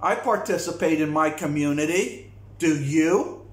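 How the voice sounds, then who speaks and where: A man's voice: on the high side, lively intonation, unhurried. A man delivering a blunt, repetitive, profane rant to camera as a vlogger. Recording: echoey room.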